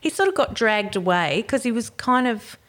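A woman's voice: on the high side, expressive, normal speed, a bit bright. Woman telling a story, swearing. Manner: storytelling, swears freely, laughs often. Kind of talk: casual chat.

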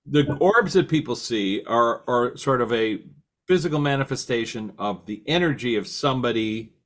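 A man's voice: mid-range voice, expressive, normal speed, fairly bright tone. A man hosting a casual interview, asking long questions and restating his guest's ideas. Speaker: host.

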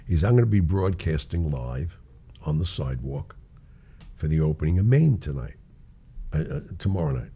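A man's voice: very deep voice, normal speed, long pauses, breathy edge. An older man casually telling show-business stories, acting out the voices in them and often laughing. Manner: animated storyteller who acts out quoted voices and laughs often. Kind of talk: casual anecdote.

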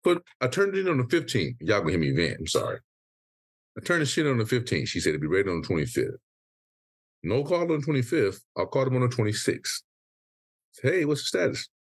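A man in his thirties co-hosts a laid-back podcast, telling a long, profane story with lots of acted-out quotes. His voice leaps up and down in pitch as he gets worked up, with a husky edge. The sound is close and dry. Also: wildly swooping pitch, fast talker, no room sound. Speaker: podcast co-host. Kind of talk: casual chat, venting story.

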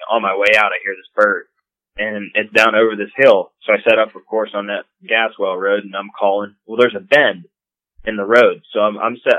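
A man, a podcast guest telling hunting stories in a casual, animated way. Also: fairly low pitch, no echo, narrow, tinny audio. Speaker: podcast guest, call maker. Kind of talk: casual storytelling.

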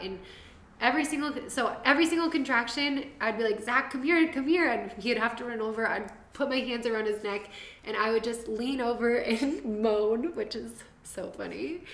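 A woman's voice: fairly high pitch, normal speed, a bit bright. A young woman telling her birth story as a podcast guest, chatty and laughing, drifting into tangents. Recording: roomy echo.

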